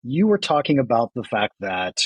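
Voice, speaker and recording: A man hosting a podcast in a casual interview chat, self-deprecating and quick to laugh, often repeating words when he gets excited. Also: medium pitch, husky, no echo, dull audio. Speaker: podcast host.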